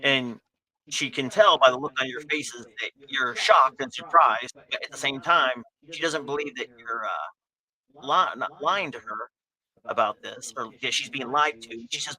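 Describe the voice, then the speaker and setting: A man's voice: medium pitch, unhurried, bright, forceful tone, low-quality recording. A man narrating a tabletop game as game master in a casual, descriptive way.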